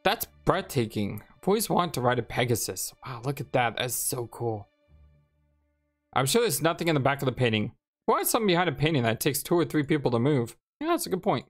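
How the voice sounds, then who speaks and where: A woman's voice: a bass voice, very animated, fairly quick, soft background music. A woman from Ireland giving casual, chatty let's-play commentary, reading on-screen text aloud as she plays.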